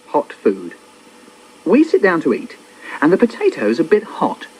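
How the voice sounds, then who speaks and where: A man's voice: a little high, very animated, normal speed, darkish tone, breathy edge. A man performing his own children's poems in a playful, theatrical way, slipping into little character voices. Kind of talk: performed poetry reading for children. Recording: dull old cassette copy.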